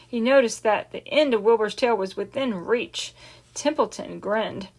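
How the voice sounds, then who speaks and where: A woman narrating a children's chapter book aloud in a gentle, expressive way, lingering on key words. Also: mid-range voice, unhurried. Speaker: audiobook reader. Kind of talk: storybook read-aloud narration.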